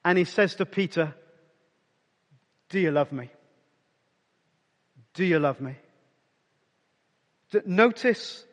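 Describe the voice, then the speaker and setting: A man preaching a sermon as a pastor, conversational and personal, dropping to soft near-whispers for emphasis. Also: high-pitched, big-room sound.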